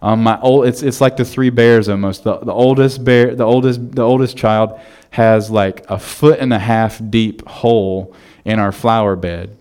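A man in his thirties preaching a sermon as pastor, telling stories in a relaxed, conversational way with frequent restarts. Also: on the low side, normal speed, clean tone.

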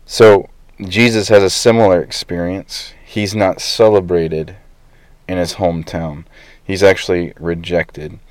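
A man's voice: low-pitched, fairly even intonation, a little slow, no room sound. A man in his thirties, a pastor preaching a conversational sermon with frequent fillers.

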